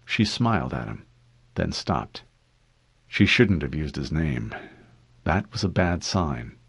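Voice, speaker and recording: A man reading a novel aloud as a narrator, expressive and steady. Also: slow, creaky, slightly rough, dry recording. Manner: expressive reading with lively pitch. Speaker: audiobook reader. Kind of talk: fan audiobook narration.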